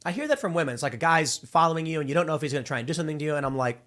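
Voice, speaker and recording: Animated male host, lively rambling commentary. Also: fairly high pitch, very fast. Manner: rambling, repeats words when restarting; acts out quoted people in exaggerated voices. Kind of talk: casual opinion commentary.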